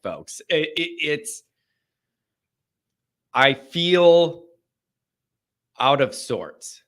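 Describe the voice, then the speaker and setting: A man's voice: mid-range voice, fairly bright tone. A man hosting a live call-in sports show, sounding stuffed up and congested, talking in a hesitant, searching way that trails off and starts over.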